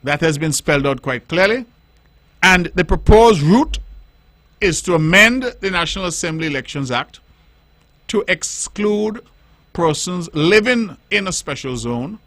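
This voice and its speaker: Middle-aged man, high bright voice, dry studio sound, firm speaker who explains and repeats for stress. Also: no room sound. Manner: emphatic, deliberate, explains point by point and repeats for stress. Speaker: politician hosting a radio call-in show. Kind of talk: radio talk monologue. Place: radio studio.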